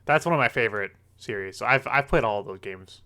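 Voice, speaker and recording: A man's voice: fairly low pitch, pushed and bright. Eager man chatting with lots of "like". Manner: enthusiastic, halting, heavy use of "like". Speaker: podcast co-host. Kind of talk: casual gaming podcast chat.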